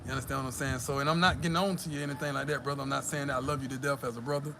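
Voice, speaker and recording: A man's voice: mid-range voice, fairly even intonation, racing, creaky, background noise. A man, ranting bluntly and profanely on a casual livestream while reading viewer comments. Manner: profane, blunt, emphatic preaching. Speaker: livestream host reading chat.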